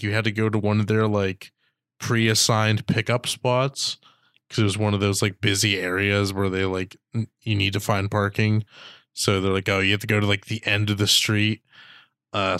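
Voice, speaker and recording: Young guy w a lowish smooth voice, crude jokes, dry close sound. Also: a bit bright, no room sound. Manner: crude joking, filler-heavy. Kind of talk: casual chat.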